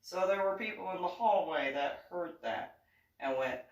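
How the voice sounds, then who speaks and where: A woman's voice: lowish voice, lively intonation, normal speed. Woman, East Coast American accent, casual storyteller who laughs often and mimics others; distant mic, reverberant room. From East Coast of the United States. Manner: chatty, laughs often, acts out quoted voices. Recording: echoey room, set back from the mic.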